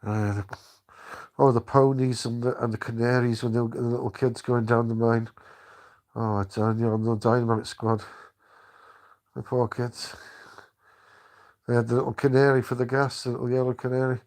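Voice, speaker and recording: Rambling older man, flat voice. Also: medium pitch. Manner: rambling, halting, many restarts. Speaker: live streamer. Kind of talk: casual live-stream chat.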